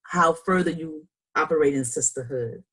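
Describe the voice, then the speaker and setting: A woman's voice: deep voice, normal speed, a bit bright, slightly rough. A woman hosting a book chat, affirming and encouraging her guests. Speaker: host.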